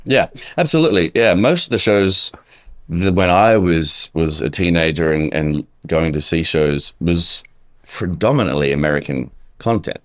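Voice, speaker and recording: A man's voice: sits low, moderate pace, no echo, clean studio sound. An Australian man, a guest actor, telling stories in a chatty, self-deprecating way with many ums. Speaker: guest, musical theatre actor. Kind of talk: casual interview chat.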